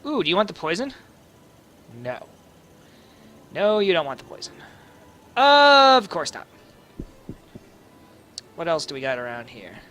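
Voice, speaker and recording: A man's voice: a little high, very animated, normal speed, long pauses, a bit bright. Playful man commenting on gameplay. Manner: playful, jokey, reading game text aloud. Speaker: gaming video host.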